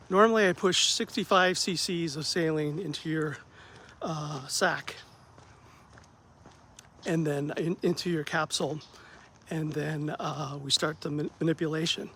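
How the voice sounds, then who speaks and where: A man who works as a therapist, telling a story about his bad day in a casual vlog, acting out the dialogue with lively ups and downs. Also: on the high side, a little slow, slight background noise. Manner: animated, acts out quoted dialogue, self-deprecating.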